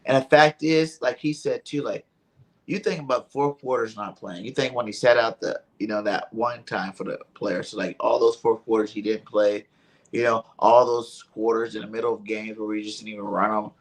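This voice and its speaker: A man's voice: lowish voice, moderate pace. A man co-hosting a sports podcast in casual chat, talking animatedly and acting out what others said. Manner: animated, acts out quotes in voices. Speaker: podcast co-host.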